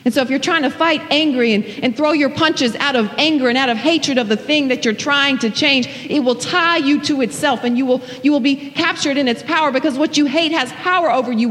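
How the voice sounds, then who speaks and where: A woman's voice: high voice, brisk, hardly any pauses, fairly bright tone. A woman pastor preaching an impassioned sermon in a church, often repeating her phrases and breaking into exclamations. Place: church sanctuary. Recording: hall reverb.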